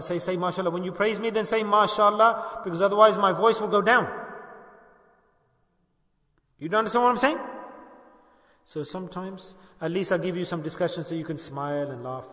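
A man's voice: sits high, lively intonation, fairly quick, pushed and bright. An older man, a shaykh leading a dhikr gathering, giving an informal sermon and keeps putting questions to his listeners with light humor. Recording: echoey hall with long reverb.

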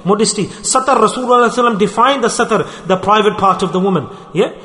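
A man preaching an impassioned, repetitive sermon, his voice swinging between soft and loud. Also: high-pitched, rapid-fire. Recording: long reverb of a hall.

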